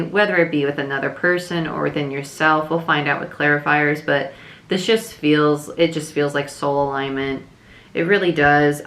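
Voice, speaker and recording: Chatty woman reading tarot, low voice. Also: a bit bright, roomy sound. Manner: chatty, spiritual, thinks aloud with fillers. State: slightly losing her voice. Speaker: tarot reader. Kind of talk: casual tarot reading to camera.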